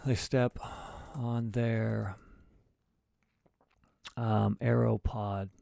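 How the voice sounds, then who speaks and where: A man's voice: lowish voice, flat delivery, extremely slow, mellow, no room sound. A man thinking aloud as he plans a short story, rambling and often trailing off into mutters. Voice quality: gravelly. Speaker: writer livestreaming his process. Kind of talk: casual thinking aloud while writing.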